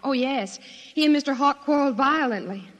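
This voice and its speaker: An eager young secretary witness. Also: female voice, high voice, a little fast, a bit bright. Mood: earnest. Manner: eager, earnest testimony. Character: earnest female secretary witness. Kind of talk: 1950s radio drama acting. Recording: reverberant old radio recording.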